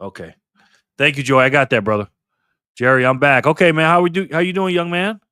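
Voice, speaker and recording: A man's voice: a little high, fairly even intonation, fairly quick, bright, forceful tone, smooth, no room sound. Older guy on a livestream at his desk, hyped, thanking chat one by one, dry close sound. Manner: upbeat, greets and thanks viewers by name. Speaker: livestream host. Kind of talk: casual livestream chat, reading donations. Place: alone at a desk at home. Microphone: desk mic facing a camera.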